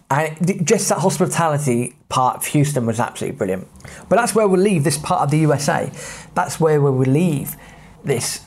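This English podcast host tells travel stories casually and chattily, with lots of filler words. His voice sits in the mid range, a little mellow, with some vocal fry.

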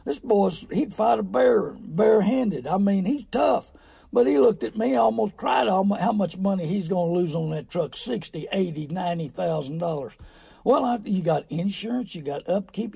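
A middle-aged man delivers a folksy, sermon-like radio monologue, his voice high-pitched and rough with gravel. The tone is dark and mellow, and he breaks into emphatic, loud bursts now and then. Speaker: radio show host on car buying. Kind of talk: preachy talk radio monologue.

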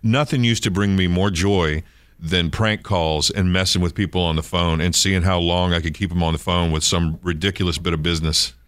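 Male radio-style podcast host, lower register, dry studio sound, animated anecdotal delivery. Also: moderate pace, clean tone, dry recording. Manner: lively anecdotal storyteller. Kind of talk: casual chat, storytelling.

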